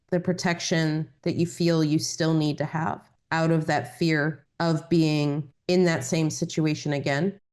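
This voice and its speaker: A woman reading Akashic records for a client, talking in a gentle, reassuring, measured way. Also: on the low side. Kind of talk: spiritual guidance session.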